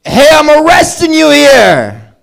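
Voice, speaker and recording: A comedian doing an impression of a brash New Yorker man in a put-on New York accent, drawn out and slow. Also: extremely high pitch, wildly swooping pitch, vocal fry, a bit bright, voice pushed up, exaggerated voice. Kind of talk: stand-up impression.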